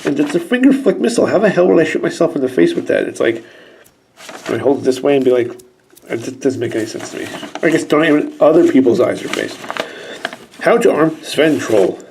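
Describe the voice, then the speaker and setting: Thirties male toy reviewer, warm mellow voice, excitable and wry. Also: a little high, fairly quick, creaky, slight background noise. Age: 30s. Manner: excitable and sarcastic, talks to the toys.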